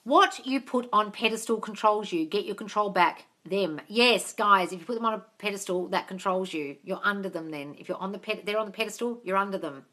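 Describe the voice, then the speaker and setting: A woman with a bright, forceful voice runs a casual live-stream Q&A from a phone at home. She coaches bluntly, swears without a second thought and keeps calling her listeners darling. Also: mid-range voice, fairly quick, few pauses. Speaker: manifesting coach answering live questions.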